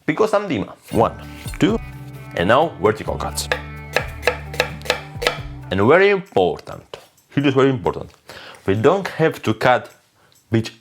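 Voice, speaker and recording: Playful chef with lively, lowish voice. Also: male voice. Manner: playful, boastful, non-native phrasing. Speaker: cooking vlogger. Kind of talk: casual kitchen demo.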